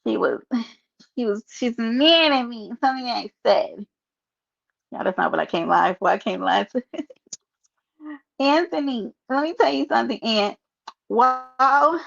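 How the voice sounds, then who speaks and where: New lady on a live stream, raspy fry in her voice, joking with chat, kinda dull lo-fi sound. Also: fairly high pitch, expressive, takes it slowly, pauses often. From New York. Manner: playful, joking, talks straight to her chat. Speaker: livestreamer. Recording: muffled lo-fi stream audio.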